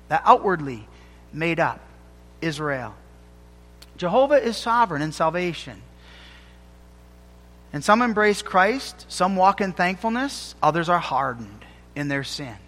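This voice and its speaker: A man preaching a sermon as pastor, emphatic, slowing down to stress key phrases. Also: sits high, bright, forceful tone, in a large hall.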